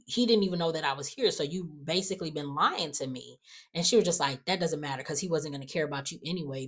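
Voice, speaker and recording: A woman's voice: low voice, fairly bright tone. A woman casually recapping soap opera episodes, rambling with lots of "like" and "you know" and acting out the characters' lines as she goes. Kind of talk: casual chat.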